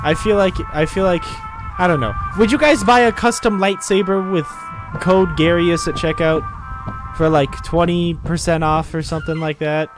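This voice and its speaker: Tired male streamer, slightly high voice, rambling casual chat, faint music behind. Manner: rambling, chatty, apologetic. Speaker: game streamer.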